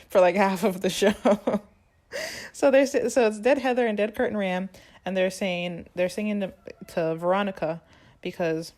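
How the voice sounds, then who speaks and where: A young woman chatting casually on a podcast, retelling a musical's plot with lively quoted lines. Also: on the low side. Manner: animated storytelling, acts out quoted lines. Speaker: podcast co-host. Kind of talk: casual chat recapping a musical.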